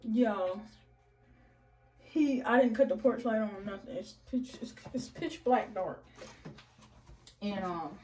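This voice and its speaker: A woman's voice: mid-range voice, takes it slowly, long pauses. A young woman casually telling a story, acting out the other people's lines in changed voices. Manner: animated, acts out each person's lines in changed voices; addresses listeners as "y'all". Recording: distant mic with faint noise.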